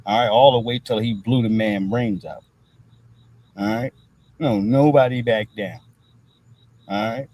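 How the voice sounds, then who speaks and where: A man's voice: lowish voice, a little slow, pauses often, a little mellow, rough recording. A man hosting a livestream, talking in loose, profane commentary and repeating "all right" between nearly every thought. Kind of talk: casual rambling commentary.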